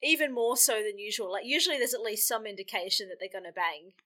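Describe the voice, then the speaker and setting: Wry, bright-voiced woman making dry quips. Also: medium pitch, quick pace. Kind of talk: casual chat.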